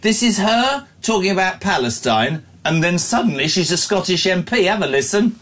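A man's voice: high voice, sing-song, moderate pace, fairly bright tone. A man hosting a radio breakfast show, reading out listener texts in a jokey, teasing, chatty way.

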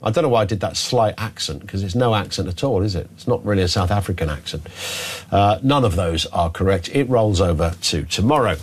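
A man hosting a talk radio phone-in, chatty and quick with jokey asides. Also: deep voice, lively intonation, husky. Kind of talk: casual talk radio chat.

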